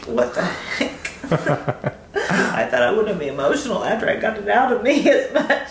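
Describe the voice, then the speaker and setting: A woman's voice: mid-range voice, very animated, measured pace, echoey room, slight background noise. A woman, a new mother, gushing and giggling as she talks casually to the camera in a hospital room. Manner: gushing, giggly, overcome with emotion. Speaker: new mother vlogging her birth. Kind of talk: casual vlog.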